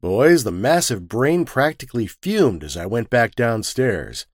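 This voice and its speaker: A man narrating a first-person story with a wisecracking, lively storytelling manner. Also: medium pitch, a little slow, no echo, studio quality.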